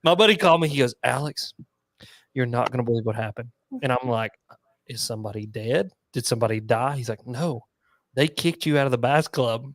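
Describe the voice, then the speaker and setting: A man hosting a casual fishing podcast from home, telling lively stories and laughing as he talks. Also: mid-range voice, fairly quick, no echo, clean studio sound. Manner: animated storyteller, laughs while telling stories. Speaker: podcast host. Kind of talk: casual chat.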